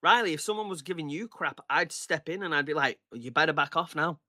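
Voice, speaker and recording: A man's voice: a little high, brisk, sharp tone, no echo, clean studio sound. A man in his thirties in casual podcast chat, heated and ranting, swearing freely. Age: 30s. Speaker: podcast guest.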